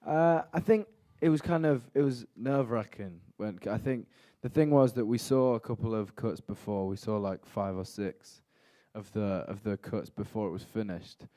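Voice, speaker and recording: A young man answering questions at a press conference, thoughtful and measured, his sentences trailing off softly. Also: fairly low pitch.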